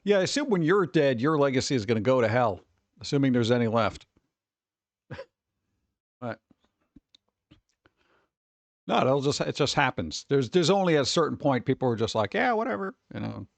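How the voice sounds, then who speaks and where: A man's voice: medium pitch, lively intonation, normal speed, creaky, long pauses, dry recording. A tired man chatting casually on a livestream, rambling and sarcastic, reading chat messages aloud.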